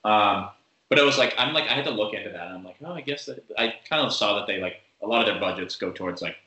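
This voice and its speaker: A man's voice: on the low side, lively intonation, fast, pushed and bright, echoey room, rough recording. A man from Massachusetts chatting casually, rambling with lots of fillers. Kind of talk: casual chat.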